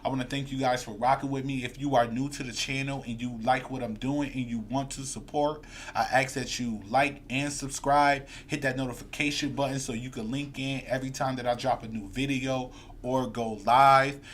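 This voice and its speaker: A man's voice: mid-range voice, flat delivery, moderate pace, few pauses, a bit bright, a little hiss or hum. A man hosting a live sports fan stream, ranting heatedly and reading viewer comments aloud. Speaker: podcast host.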